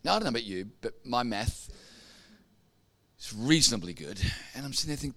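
A man's voice: medium pitch, expressive, fairly quick, long pauses, fairly bright tone. A man preaching a sermon, telling stories and building up to emphatic points. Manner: storytelling, building to emphatic peaks. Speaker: pastor.

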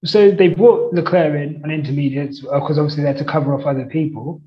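A podcast host chatting casually, unhurried and halting, often restarting phrases and laughing. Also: medium pitch, fairly even intonation, muffled recording. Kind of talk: casual chat about motor racing.

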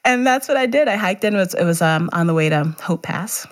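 A woman's voice: mid-range voice, animated, fairly quick. A middle-aged woman, a teacher and runner, candidly telling a personal story in conversation and laughing often.

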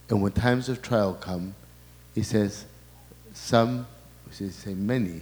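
A man's voice: fairly low pitch, takes it slowly, darkish tone, big-room sound. A man, a priest, giving a sermon talk before a live audience, often breaking off and repeating his words as he relays quoted messages.

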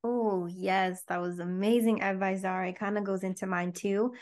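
A woman co-hosting a podcast, chatting casually and telling personal stories in an open, expressive way. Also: medium pitch, normal speed. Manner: expressive storyteller, warm and open. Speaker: podcast co-host.

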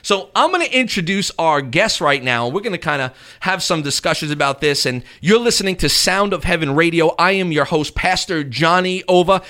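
A man, a pastor hosting a radio talk show, chatting and preaching in an animated way. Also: a little high, a little fast, hardly any pauses. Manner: animated, conversational, acts out quotes.

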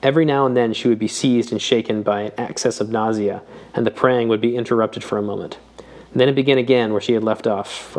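A man reading a novel aloud in a measured, even narration. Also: fairly low pitch. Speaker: audiobook reader. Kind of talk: scripted narration.

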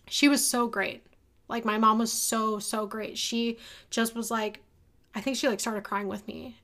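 A woman's voice: fairly high pitch, level tone, a little slow, fairly bright tone. A young woman talking casually and candidly about her own experience, at times emotional. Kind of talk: personal storytelling monologue.

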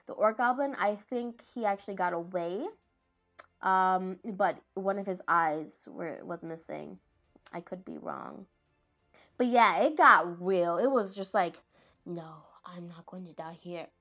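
With faint music behind her, a woman chats about anime moments in a loose, rambling style, heavy on filler words and self-deprecating remarks. Her mid-range voice is animated and fairly bright, at a measured pace.

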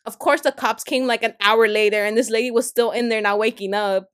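A woman's voice: fairly high pitch, fairly quick. A young woman co-hosting a podcast, chatting casually and telling a work story with lots of acted-out quotes. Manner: animated storytelling, acts out quoted people. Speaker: podcast co-host. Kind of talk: casual chat.

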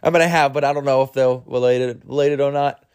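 A man's voice: mid-range voice, steady tone, fairly quick, darkish tone, clear, resonant tone. A young man hosting a comedy podcast, rambling through a bit with lots of fillers while overtired. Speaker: podcast host.

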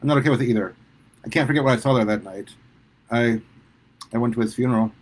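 A man voicing a sheepish young male superhero who talks haltingly to his mother. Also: mid-range voice, breathy edge, close to an everyday voice. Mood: hesitant, earnest. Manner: halting, hesitant, lots of restarts.

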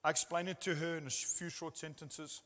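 A man's voice: on the high side, little pitch movement, a little fast, fairly bright tone, long reverb tail. A male pastor preaching a sermon at a church service, telling stories earnestly and acting out what people said.

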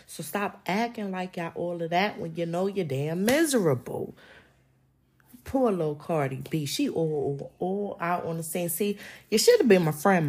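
A woman, holding forth on her podcast. Her voice rises and falls in big animated swings, and she scolds her listeners in a blunt, slangy way. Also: mid-range voice, husky. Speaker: podcast host. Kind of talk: casual opinion monologue.

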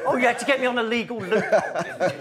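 High-voiced man ranting before a live crowd. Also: quick pace. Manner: ranting, mock-indignant. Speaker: comedy panel regular. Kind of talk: live comedy panel banter. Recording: live audience laughing behind. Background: audience laughter.

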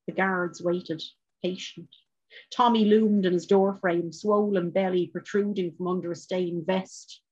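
A woman reading her short story aloud at a book launch, in a measured, wry manner, on a dull, muffled recording. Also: on the low side, fairly even intonation, a little mellow, husky. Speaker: author reading.

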